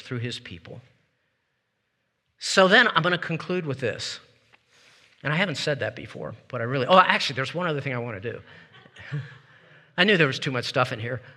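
A man preaching a sermon as pastor, talking in a lively, conversational way and leading his congregation in call-and-response. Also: a little high. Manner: lively, conversational, laughs between points. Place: church sanctuary with congregation. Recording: long hall reverb.

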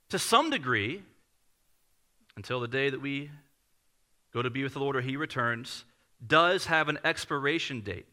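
A man's voice: medium pitch, expressive, moderate pace, long pauses, sharp tone. A man in his thirties, a pastor preaching a sermon to a congregation in a conversational, self-deprecating storytelling manner.

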